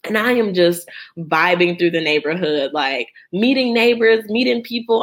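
A woman's voice: on the low side, measured pace. A woman in her thirties hosting a podcast, telling a story in a casual chat with lots of laughter and bits of sung lyrics. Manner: animated storyteller, laughing and breaking into song. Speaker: podcast host.

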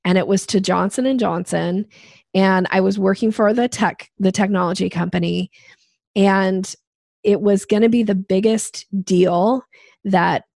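An animated woman in her fifties, telling a story from her sales days with quick, lively energy. Her voice sounds dry and close, with no room echo around it. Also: mid-range voice, vocal fry. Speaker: guest. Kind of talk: storytelling in a podcast interview.

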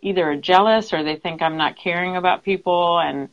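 A woman speaks in a lowish voice about her private therapy practice. She talks earnestly and haltingly, with plenty of fillers and restarts. Her audio sounds dull and lo-fi, as if it came from a remote call. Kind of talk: casual interview chat.

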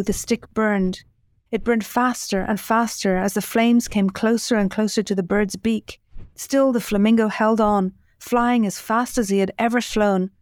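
A woman host narrating a folk fairy tale in a measured, scripted delivery, slowing at dramatic moments. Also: medium pitch, darkish tone, no echo. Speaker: host and storyteller.

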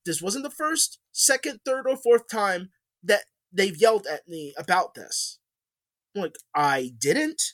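A man's voice: sits high, big pitch swings, measured pace, a bit bright. A man telling a story in casual podcast chat, rambling with many fillers and restarts. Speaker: podcast co-host.

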